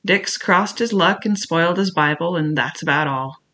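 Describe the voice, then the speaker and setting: Brief: a scheming pirate cook with rough sea talk, bright and sharp-edged, read by a man. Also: a little high, normal speed. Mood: gloating. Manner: wheedling then bullying, rough sailor talk. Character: cunning one-legged male pirate cook, scheming. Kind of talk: audiobook character voice.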